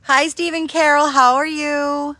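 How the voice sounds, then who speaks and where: A woman with a fairly high voice talks slowly into her phone outdoors, hosting a casual live stream for a dog rescue. She greets viewers by name and lifts into high, sing-song baby talk whenever she speaks to the dogs. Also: level tone, sharp tone, no room sound. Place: outdoors in a yard.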